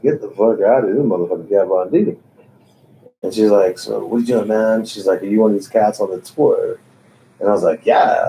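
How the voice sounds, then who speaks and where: A man's voice: lowish voice, warm tone, a little hiss or hum, poor audio. A man, a tattoo artist, telling stories in a laid-back way, swearing freely and laughing often. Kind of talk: casual storytelling. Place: tattoo shop.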